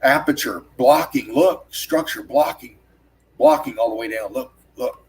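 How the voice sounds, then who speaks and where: A man hosting his own channel, urgently narrating over on-screen footage, swearing often and repeating his words as he points out details to his viewers. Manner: urgent, profane, repeats "look at this" constantly; rapid emphatic pointing words like "bam" and "boom". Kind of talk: excited on-screen analysis commentary.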